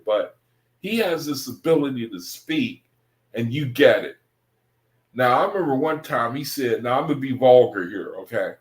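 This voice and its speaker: A man's voice: mid-range voice, roomy sound. A man giving an informal Bible study talk in a loose, conversational way, often circling back and repeating himself. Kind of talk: informal scripture teaching monologue.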